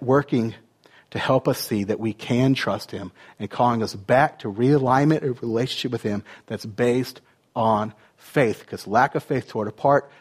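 A man's voice: mid-range voice, slightly rough. A man preaching a sermon in a conversational way, full of rhetorical questions and "like" and "you know" fillers. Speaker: pastor.

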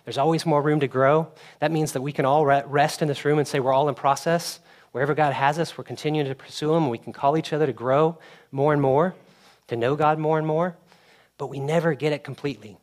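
A young man preaching a sermon in a conversational way, getting animated when he tells a story. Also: a little high, a little fast. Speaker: pastor.

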